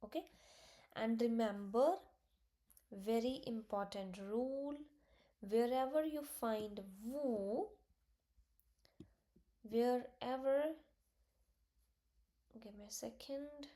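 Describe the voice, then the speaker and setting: Woman, French teacher, slightly high voice, mellow tone. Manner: slow, repeats each word, mixes in Punjabi and Hindi. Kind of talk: online language lesson.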